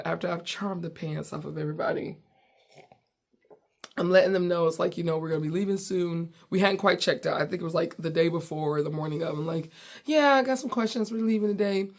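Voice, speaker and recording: A woman's voice: lowish voice, creaky. A woman from the United States, a comedian and podcast host, telling a story in a casual, playful way and acting out the dialogue. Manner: animated, playful, acts out dialogue.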